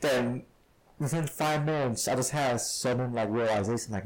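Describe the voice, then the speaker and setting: A man's voice: medium pitch, moderate pace. A man hosting a podcast, telling rambling stories in casual chat and laughing often. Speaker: podcast host. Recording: poor sound quality.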